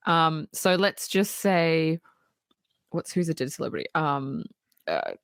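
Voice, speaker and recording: A woman's voice: low voice, big pitch swings, slow pace, clear, resonant tone, dry recording, clean studio sound. A woman co-hosting a casual film review podcast, blunt and full of fillers and restarts. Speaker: podcast co-host.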